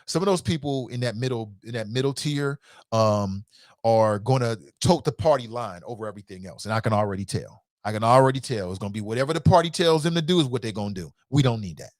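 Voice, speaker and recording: A man hosting a call-in talk show, giving blunt, passionate commentary with swearing, dropping to low mutters and rising to sharp outbursts. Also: lively intonation, quick pace, no echo, studio quality. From Cincinnati. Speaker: show host.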